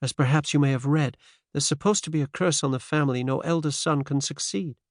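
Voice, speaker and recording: A man's voice: a little high, a little fast, no echo, studio quality, voice pushed up, close to an everyday voice. A male narrator voicing a determined American woman of about thirty with a faint American accent, earnest and worried. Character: determined American wife and mother around thirty. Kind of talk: audiobook character voice.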